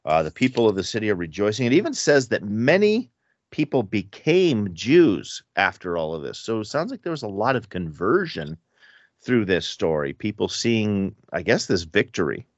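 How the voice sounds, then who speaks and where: A man's voice: fairly low pitch, sing-song, moderate pace, no echo, highs cut off. A man in a casual Bible study discussion, thinking aloud and hesitant, restarting his sentences often.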